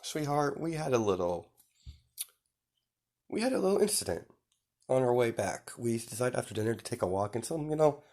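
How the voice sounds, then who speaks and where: A proud, fierce mother, as a man puts her on, coos endearments in a raised, lilting voice. Under the sweetness sits a cold streak that flares into sharp indignation. It is told as an amateur storybook reading. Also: medium pitch, very animated, normal speed, pauses often, voice pushed up. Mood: indignant. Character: doting, fierce middle-aged mother, proud and ruthless.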